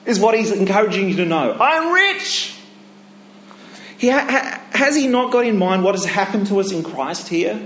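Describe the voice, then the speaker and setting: A man preaching a sermon, emphatic and full of rhetorical questions, dropping his voice low when he voices inner thoughts. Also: slight background noise. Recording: echoey hall, faint ambience.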